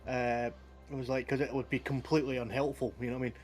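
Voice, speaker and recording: A man's voice: medium pitch, level tone, fast talker, a little mellow, soft background music. Chatty man telling anecdotes. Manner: chatty, anecdotal storytelling with laughs. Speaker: podcast host and game master. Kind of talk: casual chat.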